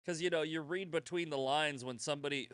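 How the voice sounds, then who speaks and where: A man's voice: fairly high pitch, a little fast, fairly bright tone, smooth, no echo. A man hosting his own show, talking in a blunt, rambling, profane monologue full of restarts. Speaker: show host. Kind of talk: casual monologue.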